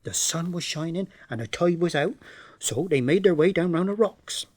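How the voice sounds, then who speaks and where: A man's voice: fairly high pitch, lively intonation, normal speed, a little mellow, no echo. A man telling a comic dialect monologue in a West Country accent, folksy and yarn-spinning. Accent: West Country English. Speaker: comic storyteller.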